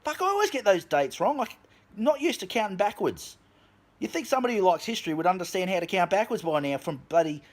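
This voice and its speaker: An Australian man delivering an angry, profane rant to his camera in a vlog. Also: sits high. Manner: profane, heated, shouts at times. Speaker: vlogger. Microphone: camera mic.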